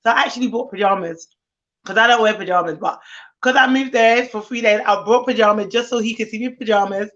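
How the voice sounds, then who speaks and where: Quick-paced and fairly high-pitched, this nanny co-host spins animated stories in casual conversation. She does children's voices, and the stream sound is muffled and lo-fi.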